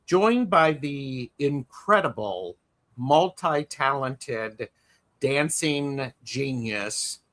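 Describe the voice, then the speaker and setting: A man co-hosts a live tarot stream from home over a video call, chatting playfully and often restarting his sentences. His medium-pitched voice is a bit bright, with lively intonation and drawn-out words.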